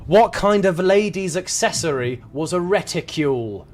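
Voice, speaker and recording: A young man commentating casually on a live game stream, jokey, excitable and swearing freely. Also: a little high, a little slow, soft background music.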